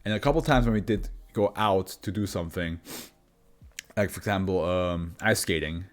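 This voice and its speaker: Man from Switzerland, low voice, Swiss German native, chatty reader, quick laughs, faint music behind. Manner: laughs often, rambles with restarts. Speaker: channel host. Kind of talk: reading horror fiction files with chatty asides.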